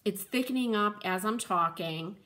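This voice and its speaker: A woman's voice: mid-range voice, moderate pace, sharp tone. A woman hosting a live painting demo, chatting with viewers and reading out their comments while she works, with playful asides and frequent laughs.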